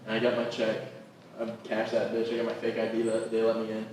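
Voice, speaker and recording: A man's voice: lowish voice, fast. A man, a comedian and podcast co-host, telling rambling stories and swearing constantly. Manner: swears constantly, animated anecdotes. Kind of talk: profane casual storytelling. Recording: echoey room, distant mic, noisy.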